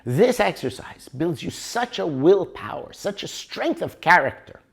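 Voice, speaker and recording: Animated older man teaching a workshop. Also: sits high, unhurried, creaky, slightly rough. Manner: animated, keeps asking for agreement. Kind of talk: workshop lecture.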